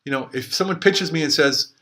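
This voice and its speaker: A man's voice: a little high, brisk, a bit bright. A middle-aged man in a recorded video message, talking about network marketing in an emphatic, motivational way, often restarting and repeating words. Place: Zagreb.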